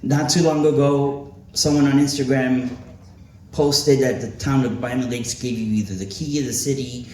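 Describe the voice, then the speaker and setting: A man's voice: mid-range voice, steady tone, moderate pace, darkish tone, a little hiss or hum. A man from the Miami area giving a chatty, joking tribute speech to his former teacher at a retirement party. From Miami area, Florida. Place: hotel banquet hall. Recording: roomy banquet hall, mic heard from a distance, crowd behind.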